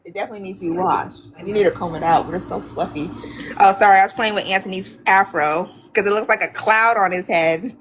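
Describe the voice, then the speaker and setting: A woman's voice: medium pitch, fast talker, a bit bright, slight background noise, poor audio. A woman in casual livestream chat, playful and chatty, laughing as she talks. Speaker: livestream co-host.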